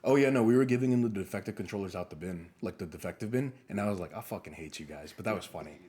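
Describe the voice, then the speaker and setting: A young man co-hosting a casual podcast, telling animated stories, swearing often and acting out what people said. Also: fairly low pitch, very fast. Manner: animated storyteller, swears a lot, acts out quotes. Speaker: podcast co-host. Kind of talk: casual storytelling chat.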